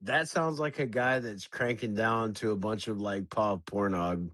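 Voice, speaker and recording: A man's voice: on the low side, unhurried, fairly bright tone, no room sound. A man from Alabama in a casual group voice chat, laid-back and wisecracking as he throws out requests.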